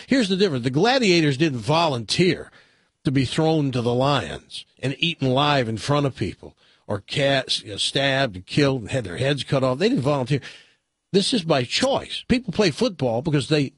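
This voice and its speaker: A man's voice: medium pitch, slightly rough, no echo. A man hosting a radio talk show, giving a blunt, folksy opinion and telling jokes in a studio. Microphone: studio mic.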